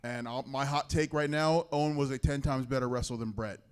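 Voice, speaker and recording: A man on a convention panel, telling a lively anecdote and acting out the voices of the people in it. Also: medium pitch, brisk, clean tone. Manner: animated anecdote teller, acts out voices. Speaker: wrestler panelist.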